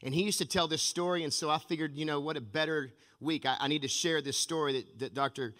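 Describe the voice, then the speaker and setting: Energetic preacher in an echoing church. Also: male voice, on the high side, fast. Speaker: pastor. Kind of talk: sermon.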